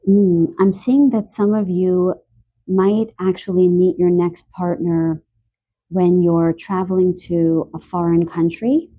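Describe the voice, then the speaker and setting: A woman giving a spoken tarot card reading, a little stuffy from allergies and clearing her throat, talking softly and earnestly with emotion. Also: fairly low pitch, level tone, slow. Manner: soft, earnest, emotional about animals.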